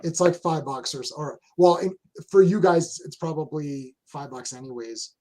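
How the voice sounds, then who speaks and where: A Canadian man hosting a casual chat, rambling through animated opinions with many restarts. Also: a little high, moderate pace. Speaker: host.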